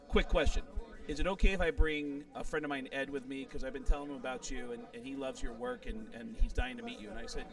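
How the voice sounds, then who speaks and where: Man, comedian guest, middle-aged, lively profane storytelling, slightly high voice, a bit off mic. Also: fast, vocal fry, distant mic, crowd noise. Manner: animated, profane, quotes people in their voices. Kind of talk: storytelling in a podcast interview.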